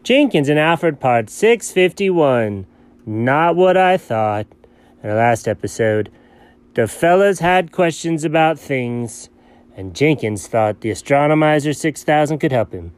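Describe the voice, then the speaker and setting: A man playing a scatterbrained, excitable male buddy in comedy banter, jumping between low mumbles and sudden high yelps. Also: measured pace. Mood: goofy. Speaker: co-host.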